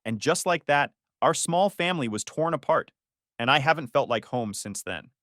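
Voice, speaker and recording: Recorded cleanly in a studio with no room sound, a man with a fairly high, slightly bright voice and lively intonation recounts a dramatic personal story in the first person at moderate pace. His telling is emotional and heated, with angry outbursts in quoted lines.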